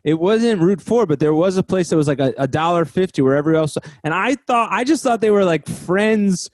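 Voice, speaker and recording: High-voiced New podcast co-host. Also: male voice, animated, brisk, a little mellow, dry recording. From New Jersey. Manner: laughs often, sheepish asides. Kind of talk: casual chat.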